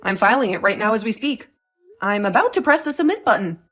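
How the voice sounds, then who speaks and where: A woman's voice: medium pitch, big pitch swings, brisk, fairly bright tone, faint music behind. A woman voicing a young wife who defends herself, defiant and sarcastic toward her husband, in a voiced drama story. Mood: cold. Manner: indignant, sarcastic.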